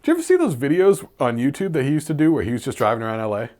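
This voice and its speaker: A man's voice: medium pitch, huge pitch swings, rapid-fire, mellow. A man co-hosting a podcast in casual chat, rambling and swearing casually, trailing off into asides. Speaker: podcast co-host.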